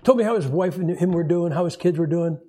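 Middle-aged pastor, husky, high-pitched man, wry storyteller sermon. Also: quick pace. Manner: storytelling preacher, animated and wry.

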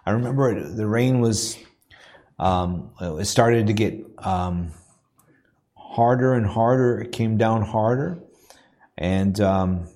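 A deep-voiced man preaching in a church. He tells a personal story earnestly, in halting phrases, then builds into a rhythmic preaching cadence. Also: a little mellow. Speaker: missionary preacher.

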